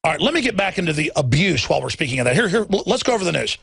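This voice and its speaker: A man's voice: on the high side, very animated, rapid-fire, gravelly, fairly bright tone, breathy edge, no room sound. A middle-aged male talk show host delivering an impassioned monologue. He rants and acts out other people's lines as he goes.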